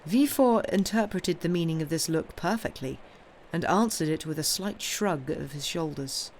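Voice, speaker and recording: A woman narrating a classic novel live in a slow, measured reading voice. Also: low voice, lively intonation, darkish tone, slight background noise. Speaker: audiobook reader. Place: home streaming setup.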